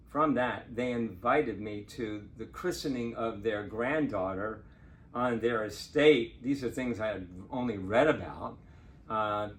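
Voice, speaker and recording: An older man, a lawyer, telling a true personal story in a chatty, animated way and laughing now and then. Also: medium pitch, slight background noise. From Portsmouth, Virginia. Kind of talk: casual spoken storytelling.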